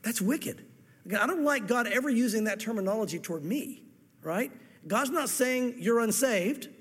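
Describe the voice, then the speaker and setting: A man's voice: very high voice, lively intonation, moderate pace, a bit bright, husky. A man preaching a sermon, earnest, acting out the parable's dialogue in different voices. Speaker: pastor. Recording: long hall reverb.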